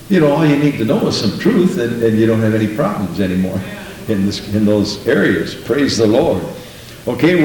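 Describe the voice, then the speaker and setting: In a church, a man with a slightly mellow voice preaches a sermon, posing rhetorical questions and acting out people's quarrels with jumps in pitch. The room is very echoey, he sits far from the mic, and there's slight background noise.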